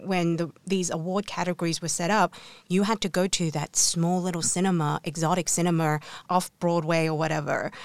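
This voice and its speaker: A woman's voice: lowish voice, clear, resonant tone, no room sound. A woman culture reporter speaking thoughtfully, hedging her points in a casual discussion.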